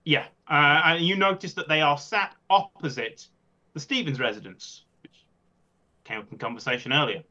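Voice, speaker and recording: A man narrating as game master, talking in halting bursts with many fillers. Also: on the high side, bright, forceful tone. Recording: dull lo-fi mic.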